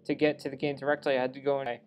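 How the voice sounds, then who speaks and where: A man's voice: medium pitch, little pitch movement, very fast, muffled recording, slight background noise, natural voice. A man playing through a game and reading a lovestruck young woman character's lines aloud in his own voice, with small stumbles along the way. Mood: adoring. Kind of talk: let's play reading game dialogue aloud.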